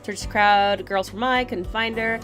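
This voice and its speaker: A woman's voice: mid-range voice, steady tone, unhurried, a bit bright, soft background music. A woman playing a visual novel, reading its text aloud and breaking off to comment with giggles.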